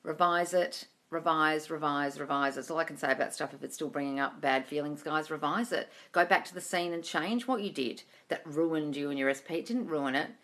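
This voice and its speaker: She barely pauses, talking a little fast in a low voice with a fairly bright tone. Answering questions as a manifesting coach on a casual phone livestream, she's chatty and comforting, calls viewers darling, and throws in the occasional swear.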